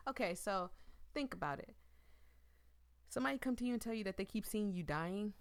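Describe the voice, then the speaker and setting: A woman narrates her way through a visual novel. She talks casually and emotionally to her viewers, reacting out loud as she goes. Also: medium pitch, expressive, a little fast, pauses often, clean tone, dry recording, studio quality. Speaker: gaming YouTuber. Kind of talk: let's-play commentary reading a visual novel aloud.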